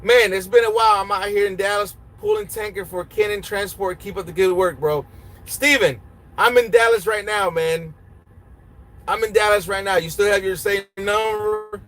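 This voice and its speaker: A man's voice: high-pitched, normal speed, rough recording. A young male truck driver and trainer from Honduras with a Honduran Spanish accent, answering viewer questions in a casual, blunt way and switching between English and Spanish. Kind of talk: casual live Q&A, reading chat aloud. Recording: loud road and engine hum.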